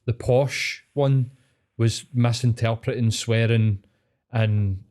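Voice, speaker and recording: A man's voice: medium pitch, steady tone, takes it slowly, darkish tone. Rambling Scottish man telling a story. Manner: swears freely, rambling storytelling with many fillers. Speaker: podcast host. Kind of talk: casual chat.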